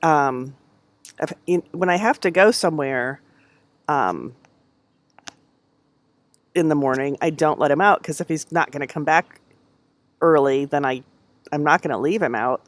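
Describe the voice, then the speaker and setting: A woman's voice: sits low, a little slow, long pauses, no room sound. A middle-aged woman hosting a casual livestream from home on a headset mic, chatty and rambling with lots of fillers. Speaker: knitting livestream host. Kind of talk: casual chat.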